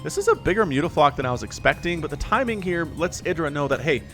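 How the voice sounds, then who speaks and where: A game caster covers a strategy game replay, chatting and joking and drifting into asides. His voice is slightly high, a bit bright and expressive, moving quickly over soft background music.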